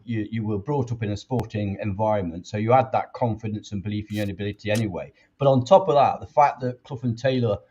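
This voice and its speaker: Male interview host: husky, chatty, rambles on, heard through dull lo-fi audio. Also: on the low side, mellow. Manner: chatty and long-winded. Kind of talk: casual interview chat.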